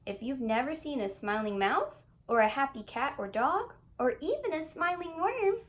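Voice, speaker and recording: A woman reading a children's picture book aloud in an expressive, singsong storytelling manner. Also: sits high, moderate pace.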